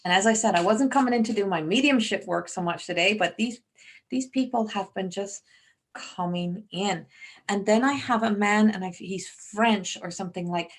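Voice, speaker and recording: A woman doing a live psychic reading to camera, rambling and restarting as she relays messages. She talks straight into a webcam mic, at a middle pitch for a woman. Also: normal speed. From Newfoundland, Canada. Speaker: psychic medium.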